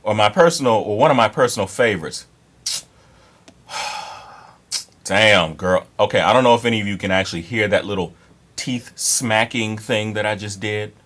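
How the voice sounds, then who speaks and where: A man in his mid-thirties talks straight to his viewers in a loose, rambling monologue. His voice sits on the low side, and he is blunt and freely profane, with plenty of fillers and restarts. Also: fast talker, a bit bright. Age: 30s. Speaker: dating advice vlogger. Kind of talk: casual monologue to camera.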